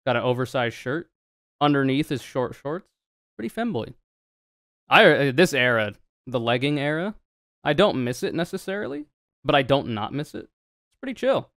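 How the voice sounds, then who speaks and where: Lively, profane young man streamer. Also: mid-range voice, no room sound, studio quality. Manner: profane, joking, rambling. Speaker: streamer reacting to clips. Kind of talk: casual reaction commentary.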